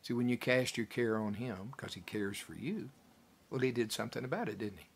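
A pastor preaching a folksy, animated sermon, chuckling as he talks it through. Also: medium pitch, a little fast, vocal fry, a little hiss or hum. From United States. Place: church.

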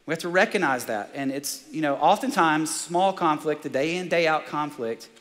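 A man preaching in a large church, his raised voice carrying a long hall reverb. He talks with fired-up, excitable energy and sits a touch high for a man. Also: moderate pace. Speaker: pastor. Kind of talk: sermon.

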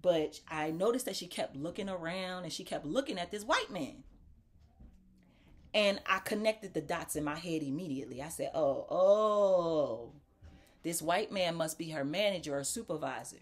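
Here a woman hosting a talk show shares a casual anecdote with viewers at normal speed, her pitch fairly low. She's lively, imitating the voices of the people in the story and calling her audience "y'all."

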